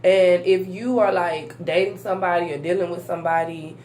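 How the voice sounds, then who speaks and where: A young woman talks bluntly to camera, profane and preachy, with quick asides to her viewers. Her voice sits a little low for a woman. A faint hum runs behind her. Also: fairly even intonation, darkish tone. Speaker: vlogger. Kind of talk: casual talking-to-camera vlog.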